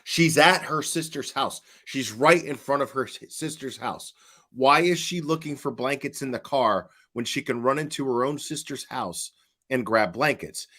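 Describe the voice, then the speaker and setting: A man talks his viewers through a clip in casual livestream commentary. He often stammers and repeats words, then questions things aloud and answers his chat. His voice sits at an ordinary middle pitch. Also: a bit bright. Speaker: online commentator.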